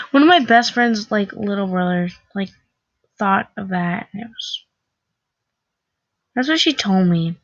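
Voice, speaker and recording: A woman's voice: mid-range voice, expressive, measured pace, long pauses, no echo, muffled recording. A teenage girl casually reacting to an online quiz, chatty and sarcastic, full of "like". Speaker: vlogger taking an online quiz.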